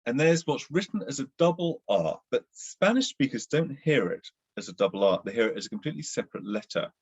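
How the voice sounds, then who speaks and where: With a brisk, husky, slightly mellow voice that swings widely in pitch, a Southern English man co-hosts a laid-back, rambling podcast chat full of fillers. The sound is lo-fi and his pitch is medium.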